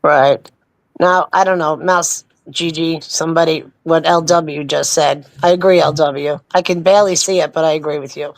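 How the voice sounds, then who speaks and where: A woman's voice: sits low, fairly even intonation, moderate pace, dry recording. A woman co-hosting a casual political chat show, telling stories in an emphatic, chatty way. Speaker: podcast co-host.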